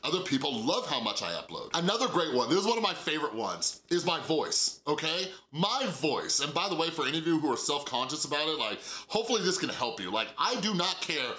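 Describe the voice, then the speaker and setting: A man's voice: on the high side, big pitch swings, a little fast, hardly any pauses, bright, forceful tone, reverberant. A man with a nasal voice talking casually and earnestly to camera in a mental health vlog, full of fillers and asides.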